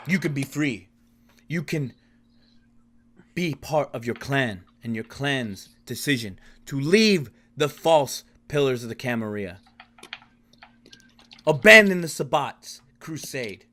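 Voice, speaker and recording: A man's voice: mid-range voice, lively intonation, slow, long pauses, sharp tone. Man playing a preachy vampire harbinger, intoning, solemn, tabletop game.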